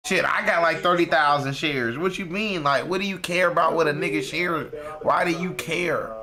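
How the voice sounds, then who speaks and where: A man's voice: a little high, moderate pace, bright, forceful tone. A man live-streaming while trading stocks, talking in a casual, profane and rambling way.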